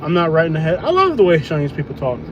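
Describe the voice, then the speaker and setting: A man's voice: a little high, wildly swooping pitch, quick pace, muffled recording. A man, chatting loosely and joking while driving for food delivery on a live stream. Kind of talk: casual livestream chat while driving. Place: inside a car on the road. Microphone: phone on live stream. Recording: noisy car cabin.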